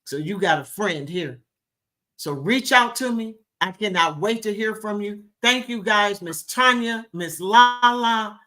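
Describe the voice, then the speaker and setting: Woman host, unhurried, drawn-out and emphatic, sweetly affectionate, calling listeners "baby", clear bright tone. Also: medium pitch. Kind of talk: live talk show, reading chat.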